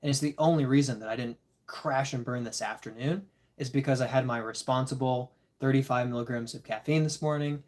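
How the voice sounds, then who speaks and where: A man's voice: mid-range voice, steady tone, brisk, darkish tone. A tired man casually chatting with his live-stream audience, chuckling and rambling as he reads the chat. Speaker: disc golf livestreamer reading chat.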